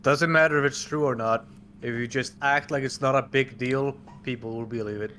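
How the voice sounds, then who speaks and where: A man speaking casually as a player in a tabletop role-playing game, deadpan and nonchalant. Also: medium pitch, brisk, slight background noise. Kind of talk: casual in-character chat.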